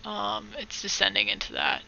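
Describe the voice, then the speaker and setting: A woman's voice: mid-range voice, completely flat delivery, normal speed, creaky, bright, forceful tone, highs cut off, a little hiss or hum. A woman giving a casual live-stream tutorial on digital art, rambling, joking and correcting herself as she chats with viewers. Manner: rambling, jokey, self-correcting, talks to chat.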